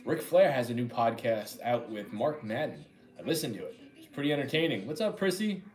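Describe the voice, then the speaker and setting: A man's voice: mid-range voice, very animated, brisk. Young new york guy rambling on a stream, joking around, repeats himself a lot. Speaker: livestream eating host. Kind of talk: casual chat reading viewer comments.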